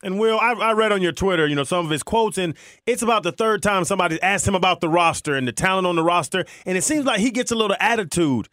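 A man co-hosting a sports radio show, asking quick probing questions. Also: high voice, expressive, a bit bright, no echo, studio quality. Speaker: radio co-host.

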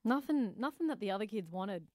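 A woman's voice: mid-range voice, animated, a little fast, a little mellow, no echo, clean studio sound. A woman telling stories on a radio show, wry and teasing. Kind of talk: casual on-air chat.

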